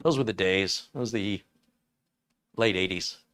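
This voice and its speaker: A man in his fifties hosts a casual livestream chat, rambling along and making jokes at his own expense. His voice sits on the low side, with a fairly bright tone and an unhurried pace.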